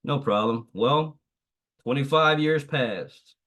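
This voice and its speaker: A man's voice: medium pitch, slow pace, a bit bright. A man giving a motivational training talk on a video call, preachy and repetitive, telling a parable. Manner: preachy, repeats phrases, tells a parable. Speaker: guest trainer.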